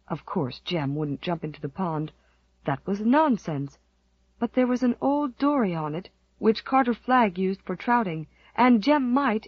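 A woman narrating an audiobook with expressive, dramatic storytelling. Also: medium pitch, dry recording, muffled recording. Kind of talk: scripted narration.

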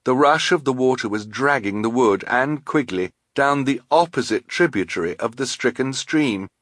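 A man reading a children's novel aloud in a measured storytelling manner. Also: mid-range voice, expressive, a bit bright, no room sound, clean studio sound. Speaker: audiobook narrator. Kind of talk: scripted narration.

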